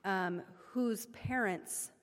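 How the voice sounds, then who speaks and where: A woman's voice: medium pitch, drawn-out words, clean tone. A woman giving an informal sermon-style report to her congregation, chatty and self-deprecating, with many fillers and restarts. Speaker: church member reporting back to her congregation. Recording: long hall reverb.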